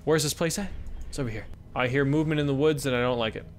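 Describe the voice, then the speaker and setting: A young man with a mid-range voice talks fast through a casual let's-play, swinging from excited yelps to hushed murmurs. He swears casually and coaxes his in-game kids along. A little hiss or hum sits under the audio.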